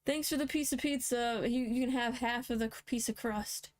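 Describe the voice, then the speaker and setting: A woman putting on a high, sing-song voice to mock a condescending official handing out small favors. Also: fairly even intonation, normal speed, lightly acted.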